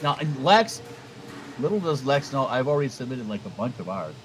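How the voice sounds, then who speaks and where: A man's voice: medium pitch, very animated, fairly quick, a bit bright, a little hiss or hum, low-quality recording. A man co-hosting a casual livestream chat, rambling and swearing and stumbling over repeated words. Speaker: co-host.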